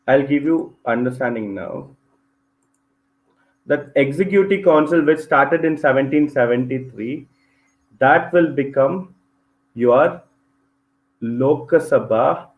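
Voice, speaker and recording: A man's voice: medium pitch, roomy sound, narrow, tinny audio. A man with an Indian English accent teaching an online class for a civil services exam. He repeats key phrases and keeps checking that students follow.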